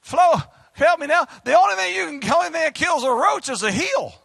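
A middle-aged man, preaching a fiery sermon as pastor, joking and then shouting his exhortations. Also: very high-pitched, animated, brisk, vocal fry, no echo.

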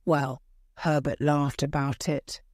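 An anxious old mother in a slow storybook reading, as a woman reads her lines. The voice sits fairly high over a low speaking voice, close and dry with no room sound. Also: level tone, darkish tone, dry recording. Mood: plain.

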